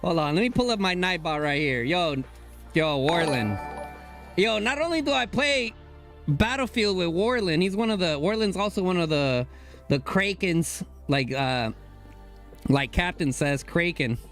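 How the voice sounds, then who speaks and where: A young man streaming a game live, talking to his chat in casual slang and bursting into excited high exclamations. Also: measured pace, faint music behind.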